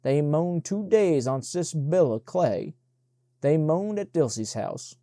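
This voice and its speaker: A man reading the part of a sharp-tongued young servant woman who scolds and gossips, in a mellow, dry voice. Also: on the high side, animated, takes it slowly, no echo. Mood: sharp, scolding.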